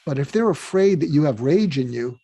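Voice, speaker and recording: Higher-voiced man giving earnest advice, dry sound. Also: lively intonation, brisk, mellow, slightly rough, no room sound. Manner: earnest, speaks straight to listeners. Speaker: podcast guest.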